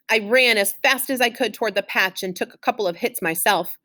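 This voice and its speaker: A woman reading a children's chapter book aloud in an expressive, animated way. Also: on the high side, brisk. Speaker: reader.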